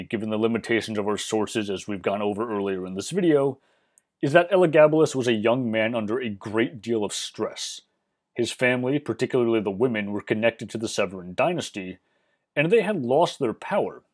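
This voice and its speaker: A man narrating a history lesson, measured and explanatory with dry, wry asides. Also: lowish voice. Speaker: history channel host.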